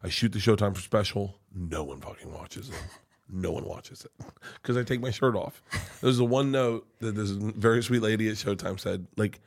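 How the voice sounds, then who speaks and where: A man's voice: on the low side, moderate pace, gravelly. A middle-aged man, a comedian guest, telling stories in a rambling, profane way with many restarts. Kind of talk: casual storytelling chat.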